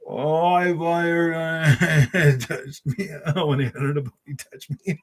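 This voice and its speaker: A man's voice: on the high side, fairly even intonation, takes it slowly, hardly any pauses. A man hosting a gaming channel, chatting casually on a live stream in a sarcastic, mocking way and saying "man" and "bro" a lot.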